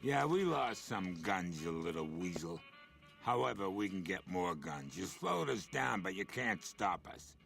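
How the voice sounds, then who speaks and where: An actor playing a ruthless gang boss in a video game, talking in a blunt, menacing, swearing way with a gravelly voice. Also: male voice, sits low, very animated, measured pace, a bit bright, soft background music, heavily acted.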